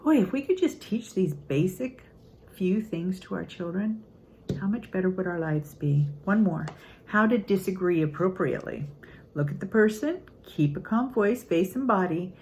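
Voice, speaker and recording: An older woman, a grandmother, giving an earnest, upbeat casual talk on parenting, acting out quotes in lively voices. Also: fairly low pitch, moderate pace, a little hiss or hum, poor audio. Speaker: parenting channel host.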